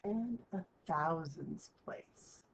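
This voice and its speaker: Captured in a muffled lo-fi recording with faint hiss, a woman teacher guides students through a math lesson. Her low, expressive voice has vocal fry and drawn-out words, and she's chatty, checking in often with "right?".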